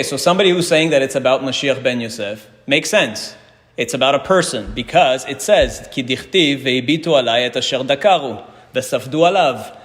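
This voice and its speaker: A man teaching a Talmud class, reading Hebrew and Aramaic passages aloud and explaining each one in English while putting questions to his students. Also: medium pitch. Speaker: Torah teacher. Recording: reverberant hall.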